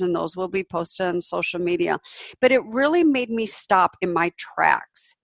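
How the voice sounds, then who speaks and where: A woman's voice: medium pitch, a bit bright, no room sound. A middle-aged woman hosting her own show, talking candidly and emphatically in a personal reflective monologue, swearing freely. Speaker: podcast host.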